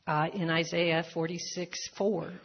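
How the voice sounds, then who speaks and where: A woman's voice: on the low side, little pitch movement, unhurried, a little hiss or hum. An older woman giving an earnest church testimony, reading scripture verses aloud and applying them personally. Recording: dull recording in a reverberant hall.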